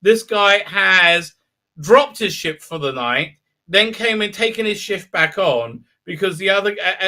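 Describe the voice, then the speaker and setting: A man with a high, pushed, bright voice hosts a live stream. He recaps an episode in a rambling, sarcastic way, with lots of fillers.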